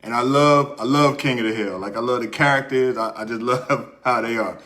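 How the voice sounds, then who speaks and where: Bright-voiced chatty male host. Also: medium pitch, fairly even intonation, a little fast. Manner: chatty, repeats words, talks to viewers directly. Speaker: podcast host. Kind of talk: casual storytelling and sports picks. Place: small room under hot studio lights.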